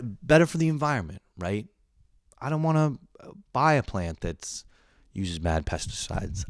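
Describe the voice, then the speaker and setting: A young man with a lowish voice rants through a comedic podcast monologue, cursing freely and mocking himself. His energy jumps into loud outbursts, then sinks into low mutters. The sound is dry and close, with no room around it. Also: no echo. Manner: profane, irritable, self-mocking. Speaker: podcast host.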